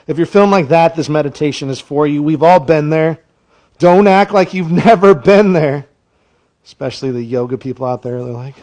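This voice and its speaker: A man hosting a comedic guided meditation, swearing playfully as he talks. He starts loud and animated, then turns softer and slower once the meditation begins. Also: a little high. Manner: profane and playful. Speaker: meditation host.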